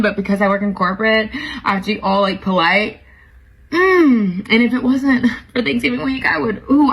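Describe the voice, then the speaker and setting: A woman's voice: mid-range voice, fairly bright tone. Woman, corporate worker, sassy exasperated delivery, mid-range voice. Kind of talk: casual vlog.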